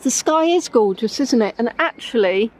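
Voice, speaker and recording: A woman's voice: a little high, lively intonation, moderate pace. A woman with an English accent chatting casually on a live stream, rambling with many "um"s as she answers viewers. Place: outdoors on a riverside walk.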